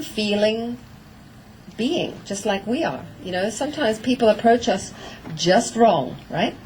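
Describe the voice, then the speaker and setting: A middle-aged woman giving a lively talk on horse training to an audience, acting out little exchanges with her horse. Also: medium pitch, a little hiss or hum, poor audio. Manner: animated, acting out voices of herself and her horse.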